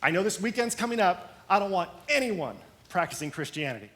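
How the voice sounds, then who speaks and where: A man's voice: high-pitched, sing-song, brisk, fairly bright tone. A preacher playing a stern, angry male president.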